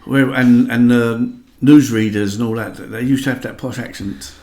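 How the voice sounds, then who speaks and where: A man's voice: mid-range voice, steady tone, moderate pace, a little mellow. An older man with a London accent, chatting casually as a podcast co-host in a laid-back, agreeable way, often trailing off mid-sentence. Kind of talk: casual chat. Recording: roomy echo.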